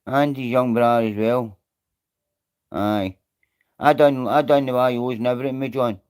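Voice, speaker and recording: A man's voice: mid-range voice, steady tone, moderate pace, darkish tone, smooth. A Scottish man on a live stream, rambling and greeting viewers by name in casual chat.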